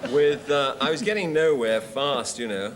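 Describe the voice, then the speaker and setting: A man's voice: medium pitch, moderate pace. English man telling a comic anecdote. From England. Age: 40s. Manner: lively storyteller who slips into comic character voices. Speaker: comedian and actor, talk show guest. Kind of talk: anecdote telling on a TV chat show. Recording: 1970s TV studio recording, faint hiss.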